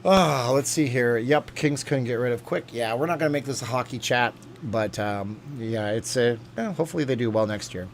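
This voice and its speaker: A man talks casually into a desk mic, hosting a livestream from home and reading viewers' comments aloud. He rambles with plenty of ums and uhs at an ordinary middle pitch. A faint hum sits behind his voice. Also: moderate pace, few pauses. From USA. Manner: rambling, reads comments aloud, many fillers. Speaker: livestream host reading chat.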